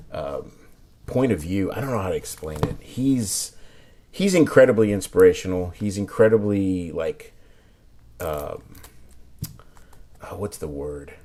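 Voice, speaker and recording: A man's voice: sits low, dark tone, a little hiss or hum. A young man chatting casually in a rambling way while reviewing a deck of playing cards, with lots of fillers and restarts. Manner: drops to whispers while inspecting cards.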